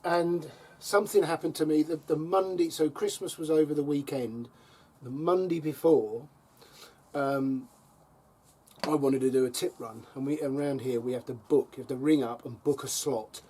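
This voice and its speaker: A middle-aged man with a husky, slightly rough voice, pitched a little high for a man. He chats casually on his allotment, telling wry stories and laughing at them. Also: steady tone, normal speed, darkish tone. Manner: wry, chuckling storyteller with dry jabs. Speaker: allotment vlogger. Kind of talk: casual chat to camera. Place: allotment plot by a fire.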